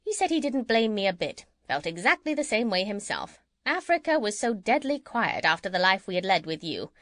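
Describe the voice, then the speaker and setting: A woman's voice: medium pitch, fairly quick, dry recording, clean studio sound. Woman reading a chatty lady parrot, bouncy voice, no room sound at all. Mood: wistful. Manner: lively, chattering storytelling. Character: chatty, gossipy female parrot. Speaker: audiobook reader. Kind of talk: children's audiobook character reading.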